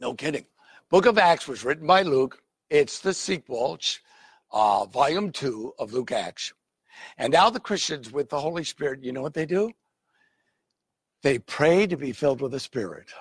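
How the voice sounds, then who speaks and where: A man preaching a teaching sermon as a pastor, animated and often checking that his listeners follow along. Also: fairly high pitch, normal speed, husky, no room sound.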